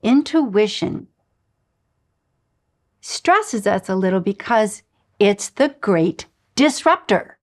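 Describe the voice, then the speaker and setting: A middle-aged woman teaches a spiritual lesson in her own voice, her pitch sitting in a plain middle range. She tells personal stories with animation, acting out the lines of each person in them. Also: slow pace, pauses often. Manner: animated storyteller, acts out dialogue.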